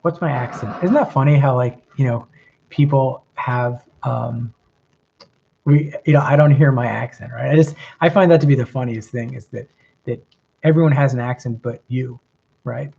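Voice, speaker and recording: Gravelly-voiced man with mild Southern accent. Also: medium pitch, moderate pace, slight background noise. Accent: metropolitan Southern American, mild. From American South. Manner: relaxed, reflective, many ums and rights. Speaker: host giving advice, reading viewer questions. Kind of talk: casual livestream chat. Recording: slightly dull lo-fi stream audio.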